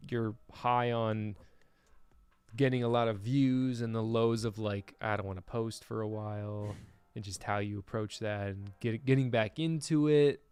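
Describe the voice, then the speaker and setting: A man's voice: fairly low pitch, fairly even intonation, a little slow, darkish tone, clean tone, no echo. Laid-back male podcast host, dry sound. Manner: laid-back, reads viewer comments. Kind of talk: casual livestream chat.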